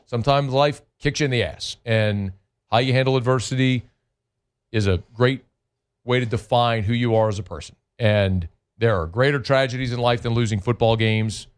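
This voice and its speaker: A man's voice: mid-range voice, moderate pace, clean tone. A middle-aged man hosting sports talk radio in a blunt, conversational monologue, stretching words for emphasis into a studio mic. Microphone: studio microphone.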